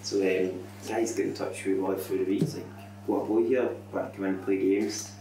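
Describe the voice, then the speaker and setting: A man's voice: deep voice, level tone, brisk. A man telling a swearing, laughing football anecdote in casual chat. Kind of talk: casual podcast storytelling. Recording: echoey room, distant mic, crowd noise.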